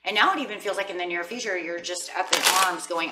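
A woman's voice: lowish voice, fast, roomy sound, far from the mic, heavy background noise. A woman giving a casual tarot reading, talking to her viewers in a chatty, rambling way. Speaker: tarot reader.

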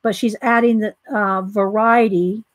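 A woman's voice: mid-range voice, steady tone, measured pace, no echo. A chatty woman with a Southern American accent walks viewers through a coloring demo. She reads the book's steps aloud and drifts into friendly asides. Her voice sits in an ordinary middle register and sounds dry and close, with little room sound. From Southern United States. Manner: chatty, greets viewers by name, laughs easily. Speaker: coloring demonstration host. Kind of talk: casual live coloring tutorial, reading steps aloud.

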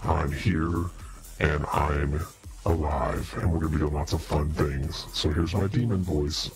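A man's put-on demon voice, sunk extremely low and crawling along at a slow, menacing drawl. Faint music plays behind it. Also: steady tone. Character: deep growling male demon.

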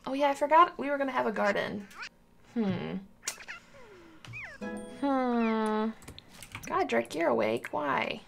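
A woman's voice: on the high side, slow, pauses often, fairly bright tone, soft background music. A woman casually commenting on a life simulation game, coaxing and scolding the characters as if they were toddlers. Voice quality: gravelly vocal fry. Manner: chatty, talks to game characters like small children. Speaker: gaming channel host.

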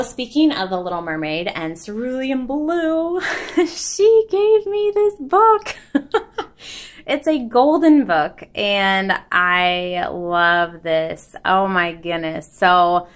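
A young woman chatting casually on her vlog, bubbly and gushing, with a voice that jumps around in pitch and lots of giggles. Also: a bit bright. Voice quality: voice shifts in pitch a lot. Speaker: vlogger. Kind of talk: casual unboxing chat.

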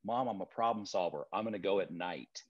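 A man's voice: deep voice, a little fast. A man voicing an eager, stubborn young boy in a story he tells, with a dull lo-fi sound. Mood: insistent. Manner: insistent, childlike. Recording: dull lo-fi recording.

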